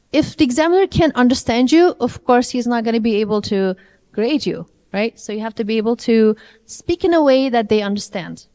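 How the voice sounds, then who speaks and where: A woman's voice: fairly high pitch, a little mellow. A woman giving an interactive language lecture to a live audience, often asking them questions. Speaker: IELTS trainer. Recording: long hall reverb.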